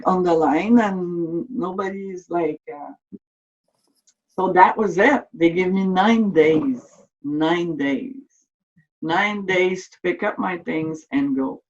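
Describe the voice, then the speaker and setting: A French-native woman in her fifties giving an earnest, emotional personal testimony in an interview, often restarting and repeating words as she speaks. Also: lowish voice. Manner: earnest, openly emotional recounting. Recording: distant, slightly dull mic sound.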